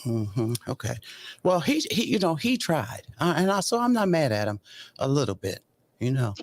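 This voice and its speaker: Woman host, casual court-case commentary, sassy and animated, swinging pitch a lot, dry close sound. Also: moderate pace, dry recording. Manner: animated, sassy, acts out quotes with colloquial asides.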